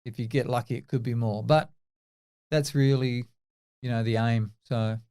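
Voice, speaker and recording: A man in his fifties with an Australian accent, a former test cricketer telling animated stories in an interview and acting out the dialogue. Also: medium pitch, moderate pace, clean tone. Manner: animated anecdotes, acts out quoted dialogue. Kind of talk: casual interview storytelling.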